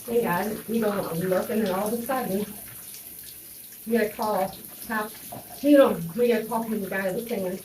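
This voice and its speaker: A woman's voice: mid-range voice, fairly even intonation, moderate pace, pauses often, a little mellow, recorded from a distance, slight background noise. A young woman telling a personal story in a rambling way, with many fillers and restarts. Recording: echoey room, voice off-mic, faint running water.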